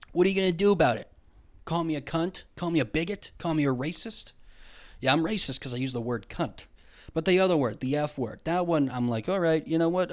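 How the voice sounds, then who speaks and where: Young guy, podcast comic, a touch high-voiced, swearing, sarcastic rambling rant. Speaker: podcast host. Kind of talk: comedic rant. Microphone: headphones and studio mic.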